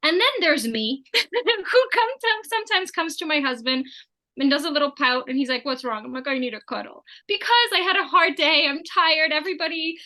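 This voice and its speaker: A woman's voice: sits high, moderate pace, sharp tone. A middle-aged woman telling stories as an interview guest, acting out the dialogue she quotes. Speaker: summit guest. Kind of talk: conversational interview storytelling.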